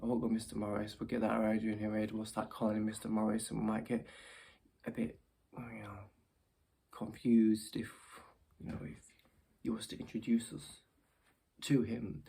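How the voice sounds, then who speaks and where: A woman, performing as a ventriloquist who gently teases her puppet and often stumbles over her words. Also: very deep voice, flat delivery, moderate pace, creaky, pauses often, husky. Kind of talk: ventriloquist comedy act, talking to a puppet.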